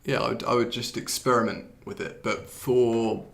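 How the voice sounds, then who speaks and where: A man teaching pronunciation over a live stream from his desk computer, gravelly and full of fry. He talks in a relaxed, chatty way, restarts his sentences often and mutters the odd mild curse. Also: mid-range voice, normal speed. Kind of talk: live-streamed lesson, answering viewer comments.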